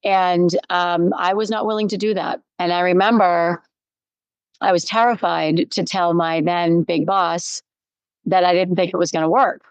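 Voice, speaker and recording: Low-pitched woman podcast host, dry sound. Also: steady tone, unhurried, smooth, no room sound, highs cut off. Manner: conversational, repeats phrases for emphasis. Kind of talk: solo podcast talk with personal story.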